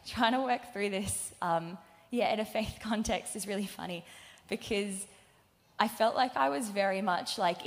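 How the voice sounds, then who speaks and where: A young woman giving a candid, halting personal faith testimony to a live audience, full of fillers and acted-out quotes of her own past words. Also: mid-range voice. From Australia. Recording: live event hall reverb.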